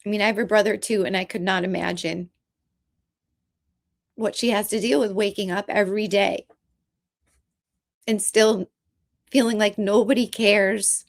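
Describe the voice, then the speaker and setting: A woman speaks in a casual commentary vlog, earnest and emotional, her delivery halting with restarts. Her voice sits at a middling pitch with a gravelly, fry-laden texture. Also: fairly even intonation. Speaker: vlogger.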